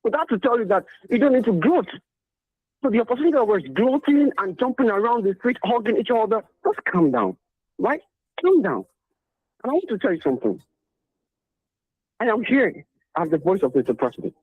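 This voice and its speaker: A man's voice: sits high, lively intonation, a little fast, slightly rough, no echo. A man calling into a radio show, arguing politics emphatically with repeated points and rhetorical questions. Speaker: caller. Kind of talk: political call-in commentary. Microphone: phone. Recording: tinny phone line.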